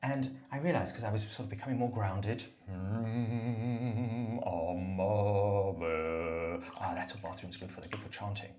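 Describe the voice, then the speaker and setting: Low-voiced man musing in a bathroom. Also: fairly even intonation, a little slow, reverberant, slight background noise. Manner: musing and meandering, self-mocking, drifting into soft murmurs. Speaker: brother recording a voice note. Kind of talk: rambling, reflective voice memo. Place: bathroom, at the bath. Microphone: phone voice note.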